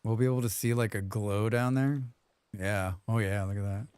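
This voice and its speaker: A man's voice: on the low side, moderate pace, a little mellow, clear, resonant tone, no room sound. A man streaming a survival game live, chatting casually, reading viewer comments aloud and humming to himself as he plays. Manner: chatty, reads chat aloud and hums to himself.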